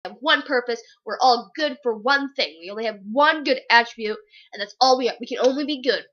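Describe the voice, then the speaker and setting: A young woman giving an excited, gushing book review in a casual, dramatic way. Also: fairly high pitch, fairly quick, lo-fi sound. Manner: gushing, dramatic, very animated retelling.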